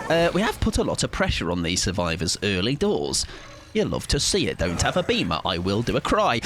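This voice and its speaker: A man streaming a game with casual, jokey commentary, often jumping into squealing high-pitched bursts. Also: wildly swooping pitch, a little fast, noisy background.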